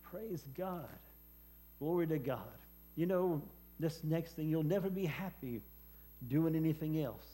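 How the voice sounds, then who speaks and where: A man preaching a personal testimony sermon, speaking haltingly with many fillers and repeated words. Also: fairly high pitch, dark tone. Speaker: preacher and former hospice chaplain.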